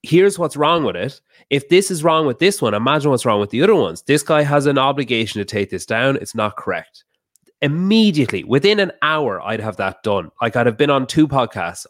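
A man talking as a podcast guest, telling a heated story fast and swearing often. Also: medium pitch, lively intonation, dry recording, studio quality. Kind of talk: casual podcast chat.

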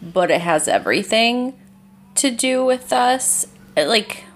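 A woman co-hosting a casual chat podcast, talking in halting bursts that restart mid-sentence and with some swearing. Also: a little high, lively intonation. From United States. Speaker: podcast co-host.

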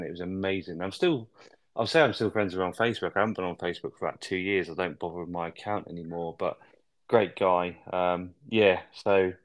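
Deep-voiced laid-back man. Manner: laid-back, rambling anecdotes. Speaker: podcast co-host. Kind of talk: casual film podcast chat.

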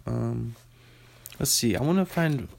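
A young man casually reading his own writing aloud, relaxed, with ums and asides. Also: mid-range voice, measured pace, gravelly.

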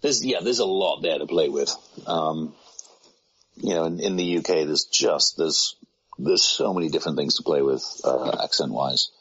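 A man from the United Kingdom, a voice actor appearing as a guest, chats casually and self-deprecatingly, rambling and restarting his sentences. His voice is a bit bright and slightly rough, at a moderate pace. The recording sounds muffled and low-fidelity.

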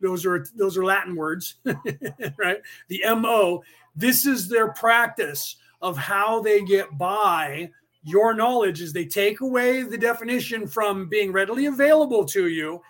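A man's voice: high voice, animated, unhurried, a bit bright. A man hosting a podcast, talking casually and conspiratorially to his listeners, with many restarts and fillers. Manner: rambling, conspiratorial, addresses listeners directly. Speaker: podcast host. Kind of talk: casual live-stream monologue.

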